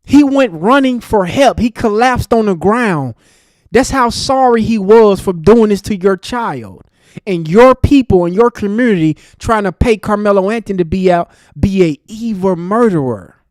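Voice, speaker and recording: A man's voice: sits high, lively intonation, normal speed, a little mellow, no echo, studio quality. A man hosting a commentary show, ranting angrily and addressing the person in a news clip directly. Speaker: commentary host. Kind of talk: heated commentary monologue.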